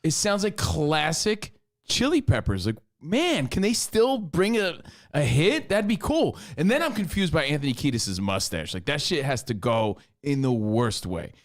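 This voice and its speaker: A man co-hosting a radio show, telling stories in casual, excitable banter. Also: fairly high pitch, normal speed. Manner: animated, excitable storytelling.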